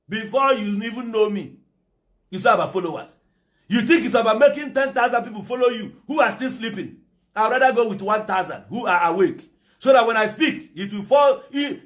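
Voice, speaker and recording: This impassioned monologue comes from a Nigerian political commentator whose English carries an Igbo accent; he preaches fiercely and mixes in Igbo phrases. He speaks in a high-pitched, slightly bright voice.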